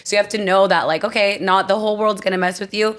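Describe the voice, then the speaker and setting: A young woman talking as a podcast guest in a casual chat, blunt and emphatic, quick to laugh. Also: medium pitch, steady tone, fairly bright tone. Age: young adult.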